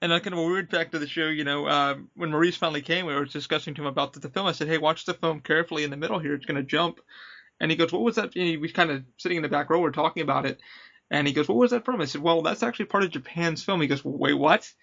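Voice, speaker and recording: With a fairly high, rapid-fire voice, a podcast host who once worked at an attraction chats casually and tells lively stories, acting out the quotes. The audio is dull.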